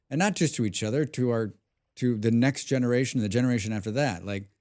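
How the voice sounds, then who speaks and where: A man chatting loosely during a live gaming stream, wandering from thought to thought. He restarts sentences often and swears bluntly without much fuss. The talk stays relaxed and conversational. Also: medium pitch. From abroad, lives outside his birth country. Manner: rambling, thinking aloud with many restarts. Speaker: game streamer. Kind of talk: casual live-stream chat while gaming.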